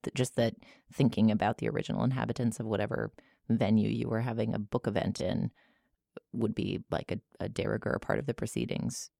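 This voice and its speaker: American woman co-host, very deep with vocal fry, dry close mic. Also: fairly even intonation, brisk, dark tone, dry recording. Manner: chatty, trailing restarts. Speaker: podcast co-host. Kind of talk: casual chat.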